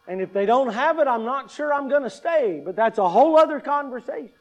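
A middle-aged pastor preaching a sermon, deliberate and emphatic, repeating key phrases and posing rhetorical questions to his listeners. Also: extremely high pitch, expressive.

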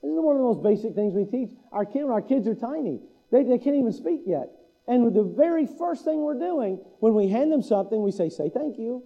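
High-voiced preacher man, muffled sound. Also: animated, a little fast, gravelly. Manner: rhetorical questions, rising to urgent preaching. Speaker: pastor. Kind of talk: sermon.

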